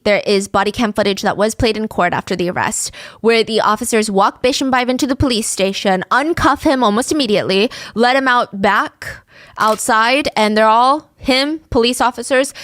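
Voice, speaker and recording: A woman's voice: medium pitch, a bit bright, no echo, studio quality. A woman podcast host narrating a true crime story in a vivid, conversational way.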